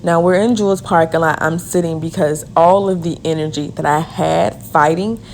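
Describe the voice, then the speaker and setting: A woman telling a personal story in an earnest way, with quick repeated phrases. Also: low voice, gravelly, darkish tone, a little hiss or hum. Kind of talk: emotional first-person storytelling.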